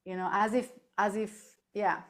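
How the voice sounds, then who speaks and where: A woman speaking as a podcast guest on animal end-of-life care, telling lively stories, laughing easily and often checking in with "right?". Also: mid-range voice, normal speed. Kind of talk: casual interview chat.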